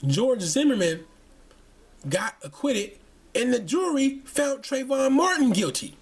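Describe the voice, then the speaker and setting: A man's voice: extremely high pitch, sing-song, measured pace, breathy edge. A man giving a heated, profane ranting commentary, often stumbling over repeated restarts. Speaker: channel host.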